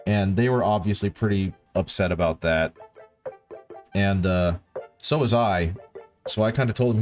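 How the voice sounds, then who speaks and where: Speaking at a normal speed but pausing often, a man with a low-pitched, darkish voice paints miniatures on his livestream while soft music plays. Raised in the countryside, he chats casually with viewers, tired and rambling, correcting himself as he goes.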